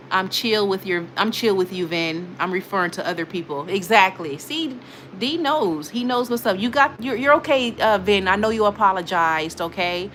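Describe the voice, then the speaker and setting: A woman hosting a casual livestream, reading viewer comments aloud, animated and emotional, often repeating herself. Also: fairly low pitch, slight background noise. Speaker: livestream host.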